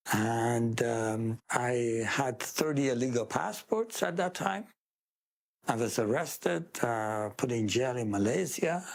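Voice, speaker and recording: A man from Iran, giving an earnest, heartfelt personal faith testimony in an interview. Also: mid-range voice.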